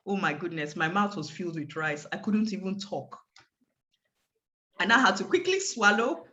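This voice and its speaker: A woman's voice: lowish voice, animated, moderate pace, sharp tone. A woman giving a guest talk on a video call, telling a personal story vividly and acting out the dialogue. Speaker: guest speaker.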